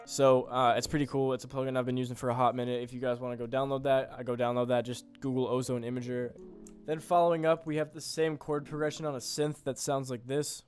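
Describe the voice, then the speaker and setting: A man's voice: medium pitch, flat delivery, fast talker, faint music behind. A young man casually walking through how he made a beat, laid-back and rambling, with offhand swearing. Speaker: beat producer. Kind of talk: casual screen-recorded tutorial.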